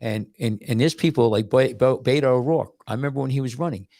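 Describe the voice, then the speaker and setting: A man with a gravelly, creaky voice hosts a casual podcast. He rambles, restarts and repeats his words, and slips into animated voices when he tells a story. The sound is dry and close, with no room around it. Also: medium pitch, fast, no echo. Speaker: podcast host and doctor.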